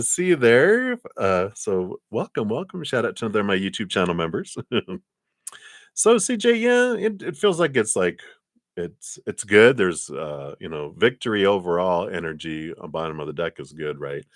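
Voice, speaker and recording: A man giving live tarot readings in a gentle, meandering way, with many fillers and soft laughs. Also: low voice, no echo, studio quality. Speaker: tarot card reader.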